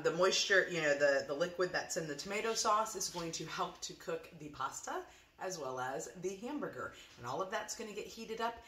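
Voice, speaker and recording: A woman's voice: fairly low pitch, sharp tone, roomy sound, a little hiss or hum. A woman chatting to her viewers as she demonstrates a one-pot recipe in her kitchen. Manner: chatty, talks to viewers while cooking. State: teary from onion. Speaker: cooking demonstrator. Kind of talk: casual cooking demo.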